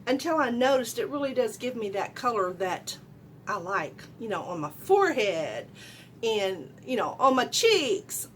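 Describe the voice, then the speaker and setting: A middle-aged woman giving a casual makeup tutorial at home, chatty and loud, often asking viewers questions. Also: on the high side, sing-song, unhurried, a little hiss or hum. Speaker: beauty vlogger.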